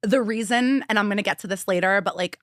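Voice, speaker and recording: A woman's voice: medium pitch, fast talker, a bit bright, dry recording, studio quality. A young woman co-hosting a podcast, explaining psychology in a chatty way with frequent laughs. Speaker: podcast co-host. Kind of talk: casual chat explaining psychology.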